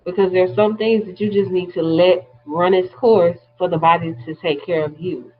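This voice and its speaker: A woman's voice: lowish voice, steady tone, moderate pace, narrow, tinny audio. A woman teaching a class, explaining terms step by step in a plain-spoken way. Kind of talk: classroom lecture.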